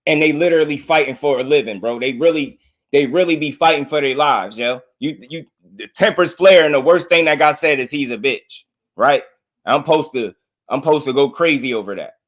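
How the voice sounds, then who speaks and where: A young man talks on a live boxing reaction stream. His voice sits on the higher side. He argues hard, circles back to the same points and keeps addressing the chat as "bro.". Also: fairly quick.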